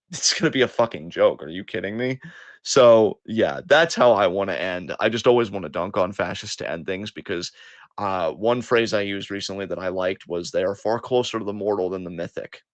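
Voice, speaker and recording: Low-pitched and moving at a moderate pace, he rants on a podcast he co-hosts, cursing heavily and sometimes mocking himself. No room sound can be heard.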